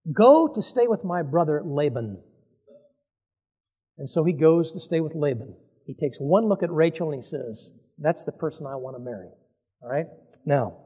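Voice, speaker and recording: A man preaching a sermon, reading scripture and explaining it in an animated way, acting out the people he quotes. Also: a little high, moderate pace, pauses often, husky, long reverb tail. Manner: animated, acts out quoted speakers with voice changes. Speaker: pastor.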